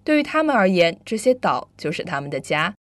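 A woman teaching English vocabulary and grammar, explaining slowly and clearly and moving between Chinese and English. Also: lowish voice, big pitch swings. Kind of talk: bilingual English lesson.

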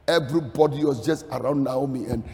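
A man preaching a sermon dramatically, dropping to a hush and then rising to sing-song shouts. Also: mid-range voice, a little fast, big-room sound.

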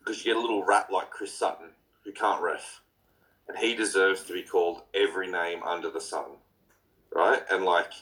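A man's voice: low-pitched, bright, forceful tone, low-quality recording. A man hosting a podcast, chatting in a blunt, laid-back way with swearing and banter. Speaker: podcast host. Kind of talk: casual podcast chat.

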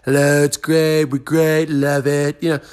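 A man's voice: a little high, level tone, a little slow, a little mellow, clean tone, pitched above the performer's own voice, lightly acted. A man doing a gargly blustering politician. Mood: boastful. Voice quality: gargly, throaty.

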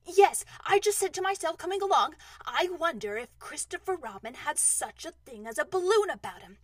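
A woman voicing a gentle, earnest male teddy bear in a storybook reading, talking in a ponderous, hesitant way. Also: very high-pitched, lively intonation, normal speed, dry recording, voice pushed up.

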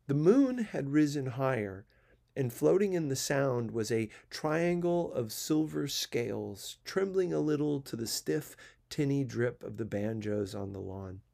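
A man narrating a classic novel in a measured, even storytelling manner. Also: medium pitch, gravelly. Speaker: audiobook narrator. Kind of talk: literary audiobook reading.

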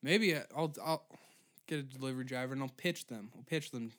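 A man's voice: mid-range voice, fairly quick, a bit bright. Profane ranting young man. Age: 20s. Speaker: podcast host. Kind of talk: solo comedic rant.

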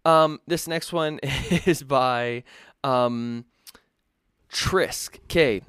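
A man's voice: mid-range voice, drawn-out words, fairly bright tone, clean tone, no echo, studio quality. A man who produces music, answering viewer questions in a loose, chatty tutorial with many fillers and restarts. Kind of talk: casual tutorial Q&A.

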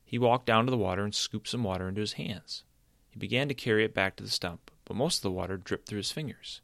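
A man narrating a children's fantasy storybook in a steady, plain reading voice. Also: fairly low pitch, quick pace, vocal fry, no echo, studio quality.

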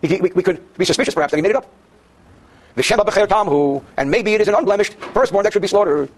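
A man's voice: sits high, animated, rapid-fire. A man teaching a daily class on Jewish law to students in the room. He reads Hebrew passages, then translates them and explains them with jokes. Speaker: Torah teacher.

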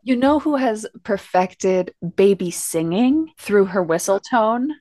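A woman's voice: medium pitch, animated, slow, mellow, no room sound. A woman co-hosting a podcast in casual chat, enthusiastic, opinionated and giggly. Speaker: podcast co-host.

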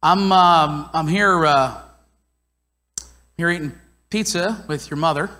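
A man voicing a relaxed middle-aged father who hesitates with fillers and shrugs off a problem. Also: a little high, slow pace, pitched below the performer's own voice. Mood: laid-back. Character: easygoing middle-aged dad, unbothered. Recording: long hall reverb.

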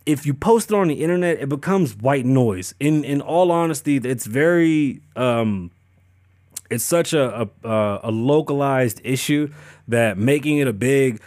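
A man's voice: mid-range voice, lively intonation, measured pace, a little mellow, no echo, clean studio sound. A man hosting a podcast, riffing on news in a casual, profane, joking way. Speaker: podcast host. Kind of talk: casual commentary.

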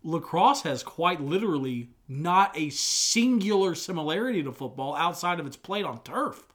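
A man co-hosts a laid-back podcast in a fairly high, bright voice. He argues his picks in an animated way and now and then raises his voice in loud protest. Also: normal speed. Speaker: podcast co-host. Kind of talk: casual chat.

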